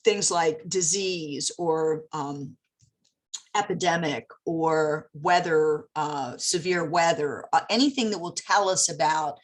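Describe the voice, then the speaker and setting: A woman with a somewhat low voice gives a presentation over a video call. She speaks in a halting way, full of ums and uhs, as she works through her points. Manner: halting, many fillers. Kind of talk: virtual presentation talk.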